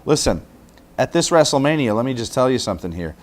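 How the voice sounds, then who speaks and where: A man hosting a podcast, prodding his guests with questions and wisecracks in a lively way. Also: mid-range voice, quick pace, over music. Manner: lively, wisecracking interviewer who prods with questions. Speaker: podcast host. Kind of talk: conversational podcast chat.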